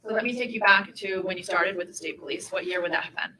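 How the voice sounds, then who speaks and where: A woman prosecutor runs through her questions at a very fast clip, her voice low-pitched yet bright. She questions in a brisk, methodical way, with a faint hiss in the courtroom audio. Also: rough recording. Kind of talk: courtroom direct examination.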